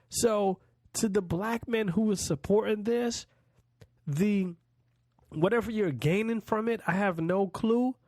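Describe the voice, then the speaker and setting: A man hosts his own political podcast with a slightly raised pitch, speaking bluntly and emphatically and swearing when it suits him. His voice sits close and dry on the mic, with no room around it. The talk is a loose, unscripted commentary monologue. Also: creaky, a little mellow, no room sound. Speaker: podcast host.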